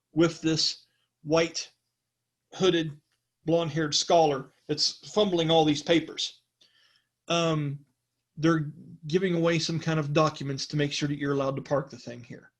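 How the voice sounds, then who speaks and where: Male game master, slightly high voice, rambling, laughs a lot, tabletop game narration. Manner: rambling, laughs often, self-correcting.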